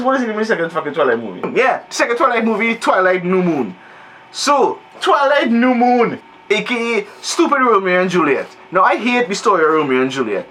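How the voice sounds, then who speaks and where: A man's voice: high voice, sharp tone, slight background noise, rough recording. A man in his thirties giving a comedic, profane, exasperated movie review rant. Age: 30s.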